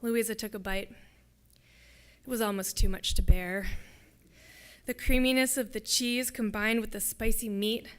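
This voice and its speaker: A woman, a graduate student, reading her own fiction aloud at a public reading in a lecture hall, in a steady descriptive way. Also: on the high side, unhurried, clean tone.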